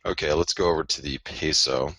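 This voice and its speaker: A man putting on the voice of a smooth male TV market pundit, with brisk newsreader-style delivery. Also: extremely low pitch, fairly even intonation, sharp tone, no room sound, full character voice. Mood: mock-pundit.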